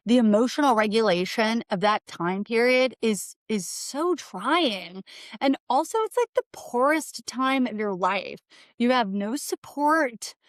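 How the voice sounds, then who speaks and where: A woman's voice: fairly high pitch, no room sound. A middle-aged woman hosting a podcast, talking in a chatty, rambling way full of "like" and asides. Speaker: podcast host. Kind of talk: casual solo podcast monologue.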